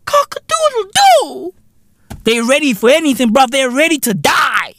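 Profane South African comic ranting. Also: male voice, very high-pitched, expressive, a little fast, pushed and bright, no room sound, clean studio sound. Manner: profane, repetitive, slangy ranting. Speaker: podcast host. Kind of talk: comedic rant.

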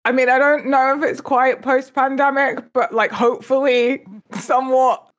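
A woman's voice: high-pitched, moderate pace. A woman hosting a live stream, chatting casually, laughing often and reading out comments from chat. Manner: giggly, relaxed, reads chat comments. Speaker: stream host.

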